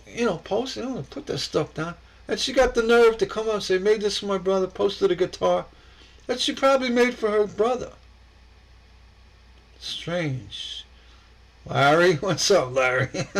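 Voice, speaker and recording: A man hosts a relaxed livestream, reacting to viewers with a rambling, chuckling delivery. His voice sits high and has a gravelly edge. He speaks at an easy, slow pace and often stammers over repeated words. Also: rough recording. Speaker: stained glass livestream host. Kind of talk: casual livestream chat.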